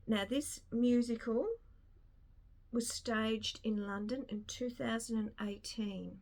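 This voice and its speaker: A woman's voice: a little high, fairly even intonation, slow pace, darkish tone. A woman chatting casually and enthusiastically about a show she saw, rambling a little with frequent restarts. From not American. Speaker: film review vlogger. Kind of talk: casual spoken review.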